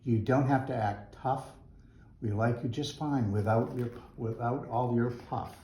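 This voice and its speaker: Kind gentle ram, a guy reading it, mellow, echoey school room. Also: medium pitch, fairly even intonation, measured pace, a little hiss or hum, lightly acted. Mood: reassuring. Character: kind, steady male ram.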